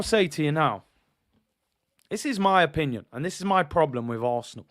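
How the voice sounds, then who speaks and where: A man's voice: on the high side, expressive, measured pace, long pauses, a bit bright, no room sound, clean studio sound. Frustrated man ranting on stream. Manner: frustrated, rhetorical questions, reads out viewer comments. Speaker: football channel host. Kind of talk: livestream fan rant.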